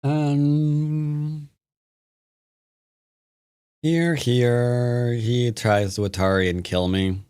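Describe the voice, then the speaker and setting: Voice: mid-range voice, fairly even intonation, extremely slow, long pauses, a little mellow, smooth. An American streamer giving casual, playful commentary over a board game, muttering and humming along. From United States. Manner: playful, muttering, hums to themself.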